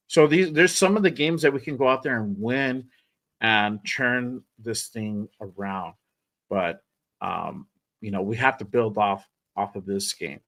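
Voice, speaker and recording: A man with a medium-pitched, fairly bright voice hosts a sports podcast. His casual talk is loose and rambling, with swearing and frequent repetition.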